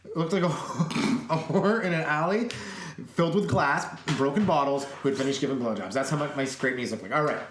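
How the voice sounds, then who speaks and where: A man's voice: fairly high pitch, brisk, echoey room, noisy background. A young man from Canada co-hosting a podcast, telling crude rambling stories in casual chat and laughing often. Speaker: podcast co-host.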